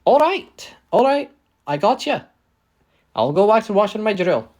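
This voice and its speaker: A man voicing a brash young British heist crew member who shouts crudely. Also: high voice, very animated, a little slow, pitched above the performer's own voice. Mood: grudging.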